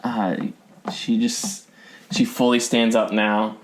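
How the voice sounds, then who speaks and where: A man running a tabletop game as game master, narrating with hesitant pauses. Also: fairly low pitch, little pitch movement. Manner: hesitant, many ums and restarts.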